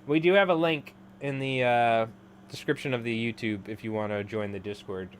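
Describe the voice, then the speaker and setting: A man's voice: mid-range voice, normal speed, slight background noise. A man in his thirties chatting casually on a live stream while tying flies, rambling and laughing often. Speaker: live-streaming fly tyer.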